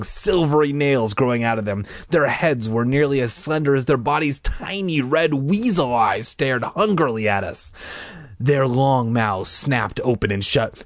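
A man reading a children's horror book aloud, dramatic, with shrieking high voices for the characters and offhand asides. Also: dry recording, clean studio sound. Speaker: reader.

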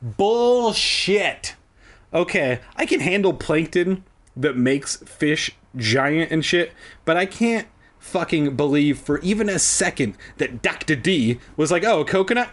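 A man's voice: on the high side, expressive, unhurried. A man reading a children's book aloud for comedy, with sarcastic, profane asides. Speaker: comedic reader.

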